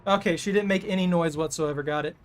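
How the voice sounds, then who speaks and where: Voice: mid-range voice, quick pace, soft background music. A gamer giving gameplay commentary while playing a killer, ranting and swearing constantly in frustration.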